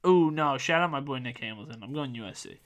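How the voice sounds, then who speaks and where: A man in his twenties hosting a sports podcast in casual chat, rambling with lots of fillers and restarts, his voice going a bit hoarse. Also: medium pitch, fast talker, a bit bright. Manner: rambling, filler-heavy, self-correcting. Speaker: podcast host.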